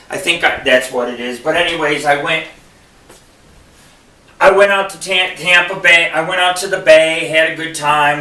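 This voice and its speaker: A Buffalo man hosting a radio show tells rambling, profane, digressive stories in a stand-up style. His fairly high voice sounds pushed and bright, recorded far from the mic in an echoey room.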